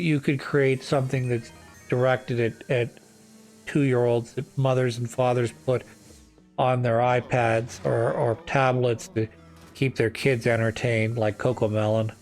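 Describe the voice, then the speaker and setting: A gaming host's mid-range, slightly mellow voice carries his rambling let's-play commentary. He talks casually while playing, hopping between topics with plenty of fillers and false starts.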